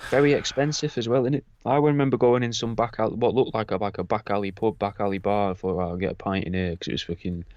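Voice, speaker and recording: Sweary storyteller. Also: male voice, fairly low pitch, steady tone, fast talker, hardly any pauses, darkish tone, no echo, lo-fi sound. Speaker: podcast co-host. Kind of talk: casual podcast chat.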